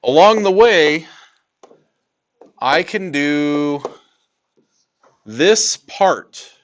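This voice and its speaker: A man lecturing a high school math class, stressing key rules and repeating them. His pitch swings widely as he talks. He keeps a slow, deliberate pace. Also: animated. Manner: emphatic, repeats key points to students.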